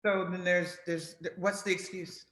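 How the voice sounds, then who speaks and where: A woman's voice: lowish voice, flat delivery, a little slow, a bit bright. A middle-aged woman, a guest talking over a video call, emphatic and repeating key phrases for effect. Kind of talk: casual video interview. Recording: roomy echoey sound.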